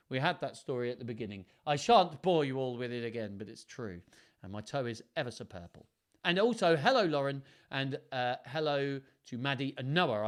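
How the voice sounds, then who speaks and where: A man hosting a live storytime, reading aloud and chatting playfully to viewers between passages. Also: medium pitch. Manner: playful, chatty, self-mocking asides.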